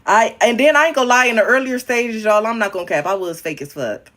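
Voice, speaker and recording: A young man chatting casually on a livestream, frank and profane, calling viewers honey and babe, his voice jumping up and down in pitch and loudness. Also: quick pace. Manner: talks directly to viewers, calling them honey, babe and queen. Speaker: livestreaming social media creator.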